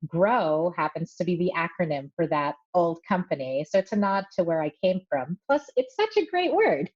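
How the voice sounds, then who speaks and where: A woman voice coach, a guest on a podcast, explaining her work in measured terms with light laughs. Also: fairly low pitch, very animated. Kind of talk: casual podcast interview. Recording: slightly dull lo-fi audio.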